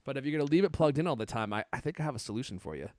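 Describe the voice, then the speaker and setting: A man's voice: mid-range voice, animated, rapid-fire, darkish tone, no room sound, clean studio sound. A man in his thirties co-hosting a podcast, joking and teasing his co-host in casual chat. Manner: playful, teasing, laughs often.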